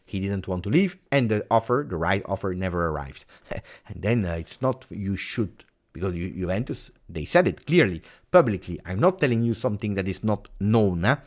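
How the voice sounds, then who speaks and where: A man's voice: low-pitched, animated, moderate pace. Guy ranting on a live footy reaction stream, voice jumping all over, keeps repeating himself. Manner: heated, emphatic, repeats phrases for stress. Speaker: football channel host.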